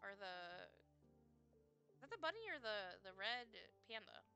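A woman casually commenting on a video game, excitable and apologetic, reading the on-screen text aloud. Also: mid-range voice, a little slow, faint music behind. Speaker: let's play gamer.

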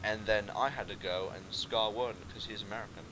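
A man's voice: fairly low pitch, steady tone, pushed and bright, rough recording. A British man co-hosting a game playthrough, joking in casual commentary. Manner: silly joking, quick to laugh.

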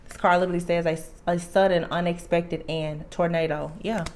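A woman with a fairly low voice reads tarot cards for an unseen audience. She speaks earnestly and with emphasis, piling on "like" and starting her phrases over as she goes. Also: fairly even intonation, normal speed, a little mellow, slight background noise. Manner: earnest and emphatic, with frequent restarts and "like". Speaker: tarot reader. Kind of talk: tarot reading monologue.

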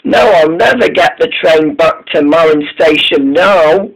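Engine who frets easily: high, strained and husky, a man doing the voice for a storybook. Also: measured pace, rough recording. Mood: complaining. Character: panicky young male steam engine.

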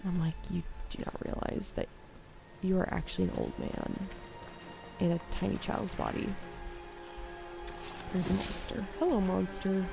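Over music, a young adult woman streams a game from her home setup, casually chatting and sharing stories from her time teaching theater. Her mid-range voice is a little slow and creaky, with frequent pauses. She's animated, and she drops to a whisper whenever she quotes a child.

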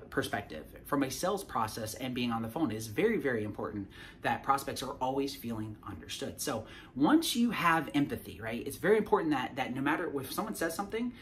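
A man's voice: mid-range voice, fairly bright tone, slight background noise. Man coaching sales, peppering "right?". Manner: keeps checking in with "right?", frequent restarts and repeated words. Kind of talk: casual teaching to camera.

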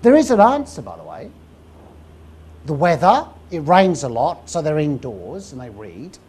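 Lively woman lecturing a room. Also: deep voice, a little slow, slightly rough. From England. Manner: lively storytelling, asks the audience questions. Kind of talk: live lecture presentation.

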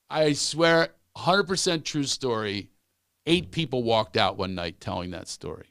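A middle-aged man spins comic stories with big swings in pitch, jumping into the voices of the people he quotes. His voice sits a little high for a man. The sound is close and dry, with no room around it. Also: animated, moderate pace, creaky, a bit bright, clear, resonant tone, dry recording. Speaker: comedian guest. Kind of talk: storytelling in a podcast chat.

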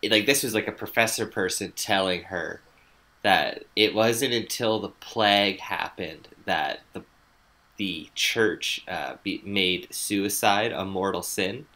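Man, very low voice, bright edgy tone, rambling casual storyteller, swears a lot. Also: takes it slowly. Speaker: podcast co-host. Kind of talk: casual chat, telling a researched story.

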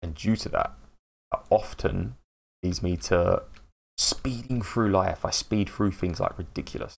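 A man's voice: low voice, measured pace, creaky. A man chatting casually on a live stream, rambling and laughing at himself as he greets viewers.

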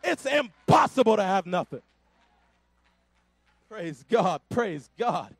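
A man preaching a Pentecostal sermon, shouting in call-and-response and dropping to quiet asides. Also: high-pitched, big pitch swings, slow pace, breathy edge, dry recording. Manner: breathless, drops to quiet asides. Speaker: pastor.

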